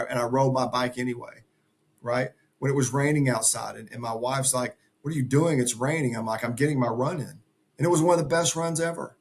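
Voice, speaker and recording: A middle-aged man speaking as a podcast guest, earnest and emphatic in a motivational way. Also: fairly high pitch. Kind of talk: conversational interview.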